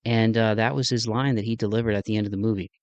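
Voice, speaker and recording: A Midwestern man wraps up his podcast in a loose, rambling, enthusiastic solo chat, poking fun at himself as he goes. His voice sits fairly low. The recording is dry and close. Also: fairly even intonation, fast, no room sound, muffled recording. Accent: Midwestern American. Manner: rambling, enthusiastic, self-deprecating. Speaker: podcast host. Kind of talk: casual solo podcast outro.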